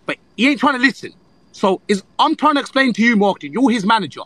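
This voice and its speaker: A man's voice: extremely high pitch, very animated, fast, sharp tone, low-quality recording. A man on a street livestream, urgently bossing his friends around outdoors by a car. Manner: pushy, urgent, talks over others. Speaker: livestreamer organizing a street fight.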